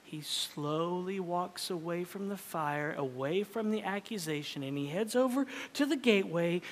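A male pastor preaching a sermon in a dramatic style, swinging between loud emphasis and hushed whispers. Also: a little high, a little hiss or hum. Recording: long reverb of a large hall.

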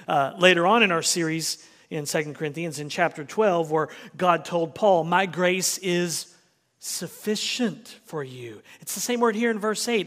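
A man's voice: sits high, a bit bright, in a large hall. A man preaching a sermon as pastor, emphatic and full of rhetorical questions, in a church sanctuary.

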